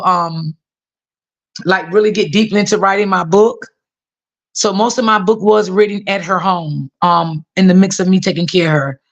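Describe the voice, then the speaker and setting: This author, a woman with a lowish voice, shares a personal story with her viewers in a relaxed way. She repeats herself often and uses many fillers, and the recording has its highs cut off.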